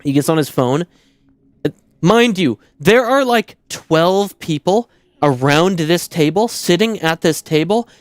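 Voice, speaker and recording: A man streaming, telling a casual story in an animated, incredulous rant and swearing a lot. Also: fairly high pitch, measured pace, no room sound, clean studio sound.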